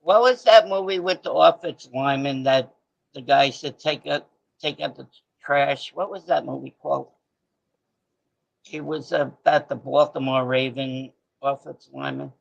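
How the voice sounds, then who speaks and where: Gravelly, chatty caller in his fifties. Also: medium pitch, fairly even intonation, normal speed, highs cut off. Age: 50s. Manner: rambling, chatty, jokey. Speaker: regular caller. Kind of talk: casual call-in chat.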